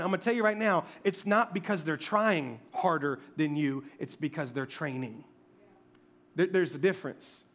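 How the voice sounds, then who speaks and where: High-voiced, animated pastor preaching. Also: male voice. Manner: animated, emphatic preaching with repeated stammered restarts. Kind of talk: sermon.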